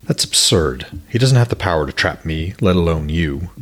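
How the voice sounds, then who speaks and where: A man voicing a wise, thoughtful old male uncle god who reasons in a measured way in a storybook. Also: low-pitched, animated.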